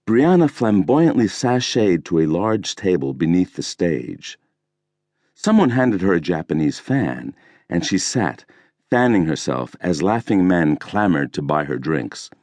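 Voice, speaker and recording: A man narrating a thriller audiobook in a measured, deliberate storytelling manner, recorded on a close studio mic. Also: deep voice, big pitch swings, darkish tone, no room sound.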